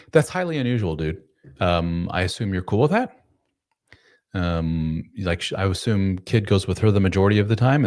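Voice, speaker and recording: A man's voice: on the low side, a little mellow. A man hosting a live advice chat who talks frankly and bluntly and swears casually. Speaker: host.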